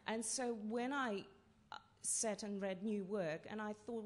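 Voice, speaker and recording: Halting woman telling stories. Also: mid-range voice. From Russia. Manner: halting, with many fillers and restarts. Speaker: playwright on a panel. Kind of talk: storytelling on a festival panel. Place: festival talk session in a hall.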